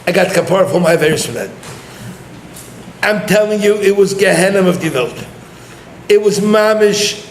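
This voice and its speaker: A rabbi telling a story in a sermon, animated and laughing as he talks, mixing in Yiddish and Hebrew words. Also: high voice, moderate pace, long pauses. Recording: roomy echo with faint noise.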